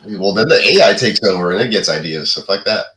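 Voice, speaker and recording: A man's voice: low-pitched, animated, fairly quick, fairly bright tone, echoey room, rough recording. A man co-hosting a podcast in casual chat, laid-back, swearing freely and laughing often. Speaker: podcast co-host.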